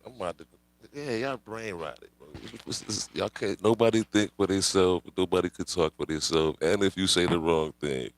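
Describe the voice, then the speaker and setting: A man with a lowish voice rants on a livestream, rambling through slang and swearing and laughing as he goes. The sound is dry and close, with no room around it. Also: moderate pace, no echo. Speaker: livestream host. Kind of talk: casual live-stream rant.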